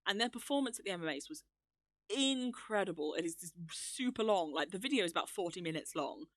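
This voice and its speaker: A woman's voice: mid-range voice, lively intonation, a little fast, dry recording, studio quality. A young woman co-hosting a casual podcast, chatty and enthusiastic, laughing often. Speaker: podcast co-host. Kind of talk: casual chat.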